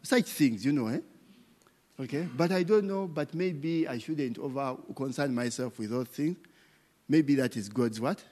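A man's voice: mid-range voice, unhurried, mellow. A man, a pastor preaching an interactive sermon who teases his congregation with rhetorical "what?" questions and tags like "eh?" and "okay?". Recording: long reverb of a hall.

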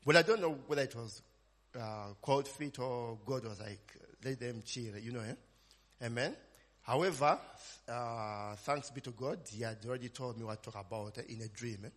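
A man's voice: medium pitch, moderate pace, fairly bright tone. A man preaching an informal sermon, conversational, tagging his lines with "eh?" and "amen?" and asking the congregation questions. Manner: conversational, frequent "eh?" and "amen?" tags, call-and-response questions. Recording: long reverb.

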